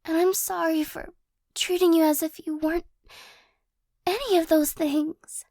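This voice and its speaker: Voicing a young ex in an ASMR role-play, a woman apologizes with remorse, her words halting and broken by small nervous laughs. Her pitch is extremely high and her intonation fairly even, with a warm tone and an apologetic mood. The recording is dry.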